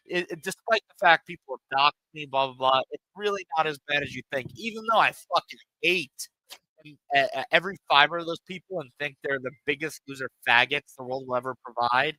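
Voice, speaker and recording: Bright-voiced, rambling male streamer. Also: fairly high pitch, a little fast, no room sound, rough recording. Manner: rambling, profane, emphatic. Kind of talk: casual live-stream rant.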